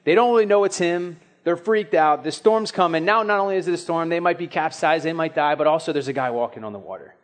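A young man preaching a sermon in a casual, storytelling way, acting out quick asides and questions. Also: a little high. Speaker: pastor.

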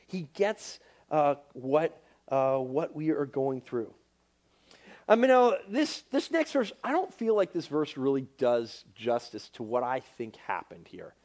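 A young man preaching to a youth group, casual and animated, acting out bits of dialogue with many fillers. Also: high-pitched. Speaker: youth pastor. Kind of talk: sermon to young people.

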